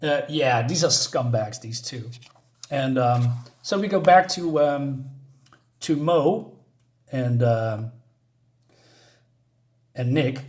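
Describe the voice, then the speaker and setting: A man's voice: medium pitch, lively intonation, slow pace, long pauses, darkish tone. A man giving a casual spoken comic review, rambling and amused, with lots of fillers.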